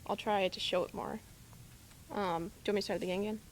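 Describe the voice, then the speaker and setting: A woman's voice: mid-range voice, fairly even intonation, rapid-fire, slight background noise. Young adult female student conductor, polite and hesitant. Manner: polite, hesitant, laughs nervously. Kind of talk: rehearsal talk.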